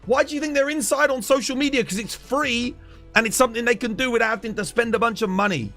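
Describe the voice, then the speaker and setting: A man's voice: extremely high pitch, lively intonation, fast, a bit bright, soft background music. A British man streaming live, ranting in a heated, casual way, swearing often and calling his listeners "dude". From United Kingdom. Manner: heated, swears a lot, keeps saying "dude".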